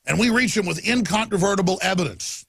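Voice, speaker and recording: A man hosting a talk radio show, ranting through an emphatic monologue in a slightly high, gravelly voice. He stacks up long lists of figures and lurches from quiet intensity to angry bursts. His husky tone sits dry and close in a studio. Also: lively intonation, quick pace, no echo. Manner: swings between quiet intensity and angry outbursts.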